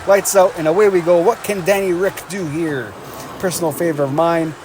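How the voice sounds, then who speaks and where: A man giving energetic play-by-play commentary on a race as the show's host, calling lap times and cheering the drivers on. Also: on the high side, brisk, background noise.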